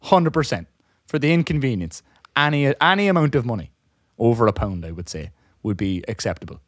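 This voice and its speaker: A man's voice: mid-range voice, lively intonation, brisk, no echo, clean studio sound. A young man co-hosting a podcast, telling a long story in a rambling way, swearing often and laughing as he goes. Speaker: podcast co-host. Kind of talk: casual storytelling chat.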